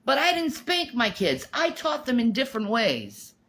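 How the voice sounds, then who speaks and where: A woman's voice: fairly high pitch, wildly swooping pitch, normal speed, a bit bright. A middle-aged woman ranting on a livestream, swearing and confrontational, often repeating words and restarting her sentences. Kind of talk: livestream rant.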